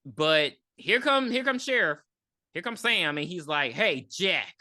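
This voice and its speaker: A woman co-hosting a podcast, recapping a horror movie in a casual, profane, animated way with acted-out quotes. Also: on the low side, a little slow, no room sound, clean studio sound. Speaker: podcast co-host.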